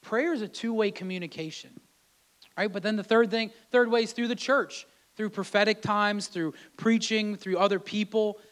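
A pastor with a fairly high voice preaches in a relaxed, conversational manner. He often repeats words and restarts his phrases as he talks his congregation through scripture. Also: moderate pace. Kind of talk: sermon.

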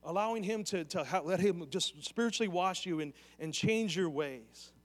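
A man's voice: high-pitched, normal speed. A man preaching a sermon as pastor, earnestly putting questions straight to his congregation. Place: church sanctuary. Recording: long reverb of a church hall.

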